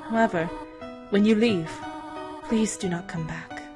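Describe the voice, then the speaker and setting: A woman reading the lines of a gentle, motherly goat monster in a soft, hushed, mournful voice over game music. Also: mid-range voice, measured pace, close to an everyday voice. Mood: sorrowful, hushed.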